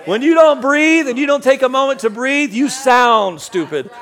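A middle-aged male pastor giving a sermon as comic storytelling, animated and jokey, acting out loud outbursts. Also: very high voice, normal speed.

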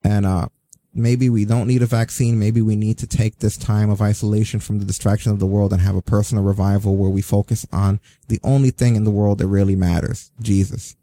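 A man's voice: fairly low pitch, flat delivery, brisk, few pauses, warm tone. A man talking in casual, opinionated podcast chat, blunt and sarcastic, swearing freely. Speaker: podcast co-host.

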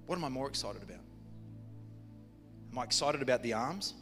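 A man's voice: mid-range voice, expressive, a little fast, fairly bright tone. A man preaching a sermon, telling a story in a humorous, conversational way. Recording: long hall reverb with music behind.

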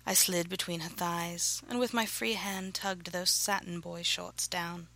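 A woman reading her own erotic novel aloud, narrating softly and breathily, often close to a whisper. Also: fairly low pitch, steady tone, a little slow, hardly any pauses, rough recording.

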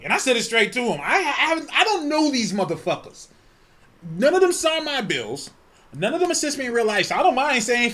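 High-voiced man telling a story. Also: fairly quick. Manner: animated, profane, laughs often. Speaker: podcast co-host. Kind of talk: casual storytelling chat.

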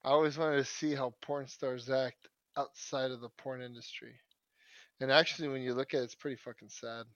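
A man's voice: mid-range voice, fairly even intonation, brisk, a bit bright, no echo, muffled recording. A man co-hosting a podcast in casual chat, slangy and profane, often tacking on "man.". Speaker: podcast co-host.

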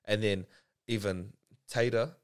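A man with a New Zealand accent, co-hosting an easygoing chat and quick to laugh. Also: fairly low pitch, steady tone, clean tone. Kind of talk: casual chat.

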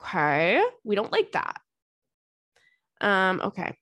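Young female podcast host, chatty and animated, dry close sound, mid-pitched. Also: slow pace, no echo. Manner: animated, acts out quotes with big jumps in pitch. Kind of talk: casual chatty storytelling and reading listener letters.

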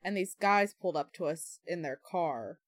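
A woman's voice: lowish voice, lively intonation, moderate pace, no echo, studio quality. A young adult woman in casual chat, telling anecdotes frankly with many "like" fillers.

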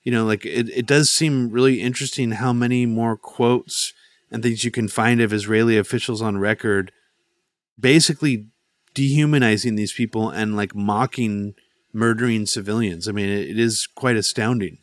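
A man co-hosts a podcast in casual political chat. He rambles, restarting his sentences often. His voice sits low, and the recording is dry and close. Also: steady tone, normal speed, no echo. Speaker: podcast co-host.

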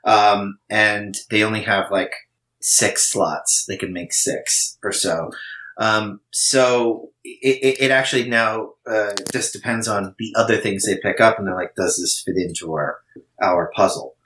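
A man's voice: fairly low pitch, a bit bright. A man talking casually as a podcast guest, telling stories with many ums, restarts and laughs. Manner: rambling storyteller with many fillers and restarts. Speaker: guest, TV writer-producer. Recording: roomy echo with faint noise.

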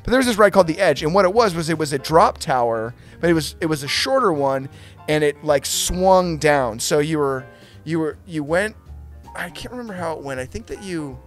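A man's voice: a little high, expressive, a little fast, soft background music. A man, older than his co-hosts, chatting casually on a podcast in a blunt, profane, laid-back way. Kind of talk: casual chat.

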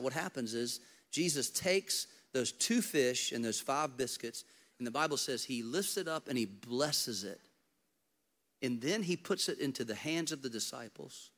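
Pastor, male, higher-pitched voice, energetic storytelling preacher with humor and big dynamic swings. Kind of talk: energetic sermon.

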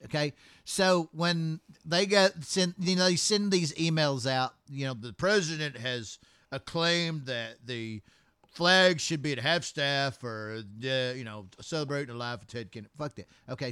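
Man, crude and blunt, smooth clear voice, dry sound. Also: on the high side, moderate pace, sharp tone, no echo. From Texas. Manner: crude, blunt storyteller, swears constantly. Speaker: firefighter co-host. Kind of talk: profane casual chat.

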